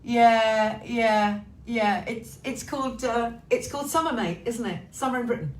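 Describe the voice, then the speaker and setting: A woman's voice: on the high side, lively intonation, moderate pace. A woman chatting casually with livestream viewers, cheeky and swearing freely as she hosts from her home. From Wales. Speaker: singer hosting a livestream. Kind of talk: casual chat greeting viewers. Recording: roomy echo, slightly distant mic, faint hiss.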